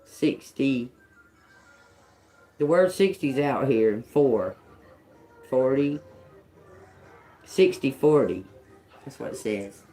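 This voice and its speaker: A woman's voice: very deep voice, lively intonation, takes it slowly, long pauses, mellow. A woman giving a live-stream tarot reading, thinking aloud, repeating single words to herself, blunt and profane, often chuckling. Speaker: tarot reader.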